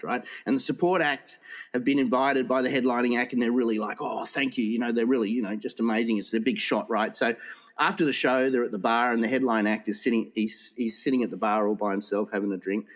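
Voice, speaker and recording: Aussie guy on a podcast, mid pitch, rambling thru jokes and cracking up at them. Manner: rambling joke-teller, laughs at his own punchlines. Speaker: podcast co-host. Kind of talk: casual comedy podcast chat.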